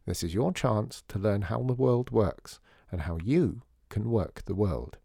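A man's voice: fairly low pitch, lively intonation, measured pace, creaky, warm tone, husky, dry recording, studio quality, full character voice. A man reading a storybook voices a stern, precise elderly lady who speaks firmly and instructively. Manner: firm, instructive.

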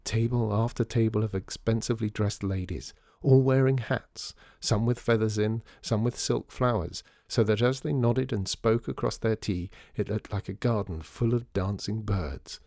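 A man narrating a storybook in an expressive, lively reading. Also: fairly low pitch, normal speed, few pauses, dry recording, clean studio sound.

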